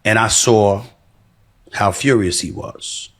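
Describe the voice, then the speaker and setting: A man's voice: on the low side, slow, a bit bright. A man in a played clip, firmly recounting an on-air incident and putting false reports to rest.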